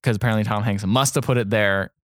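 A man's voice: on the low side, steady tone, fast talker, a bit bright, no echo, studio quality. A man co-hosting a podcast, casually retelling a film scene by scene and quoting its lines. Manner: rambling recap full of quoted dialogue. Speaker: podcast co-host. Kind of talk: casual movie recap chat.

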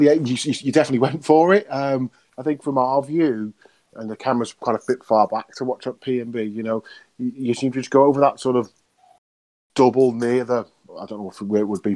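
A man's voice: mid-range voice, a little mellow. Man host asking rambling questions. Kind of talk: casual interview chat.

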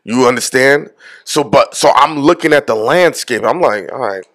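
New dude, sure of himself, mid voice, slangy, plays out what people said. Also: male voice, medium pitch, moderate pace, fairly bright tone. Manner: confident, acts out quotes, street slang. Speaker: podcast co-host guest. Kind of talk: casual chat.

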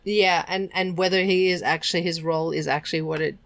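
A woman's voice: on the low side, steady tone, brisk, creaky, fairly bright tone. A woman co-host musing hesitantly in a casual discussion of a book.

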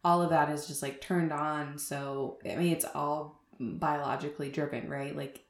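A woman's voice: low voice, fairly even intonation, moderate pace, roomy sound. A young woman telling her birth story in a casual chat, talking in a rambling way with many fillers and frequent laughter. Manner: chatty, lots of fillers, laughs often. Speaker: podcast co-host sharing her birth story.

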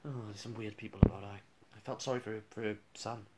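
A man's voice: fairly low pitch, fairly even intonation, quick pace, heavy background noise. A man, a radio presenter, casually rambling through funny school anecdotes with restarts and chuckles.

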